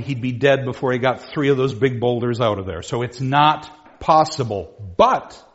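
A man lecturing on literature in a lively classroom style, animated and joking, with a theatrical delivery. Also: mid-range voice. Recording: dull lo-fi recording.

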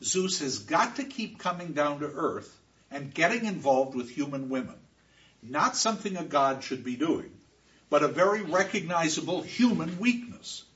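Male lecturer, high bright voice, emphatic, heard from afar on a dull recording. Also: moderate pace, far from the mic. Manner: expressive, with emphatic repetitions. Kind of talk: classroom lecture.

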